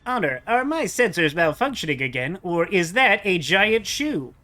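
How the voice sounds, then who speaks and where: A streamer reading the lines of a quipping helper robot in a video game, delivered deadpan. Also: mid-range voice, moderate pace, faint music behind.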